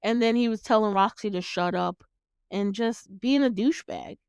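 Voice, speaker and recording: A woman's voice: medium pitch, moderate pace, a little mellow, smooth, no echo, clean studio sound. A woman hosting her own show, recapping a movie in casual chat, swearing freely, laughing often and acting out her reactions. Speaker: podcast host reviewing a film.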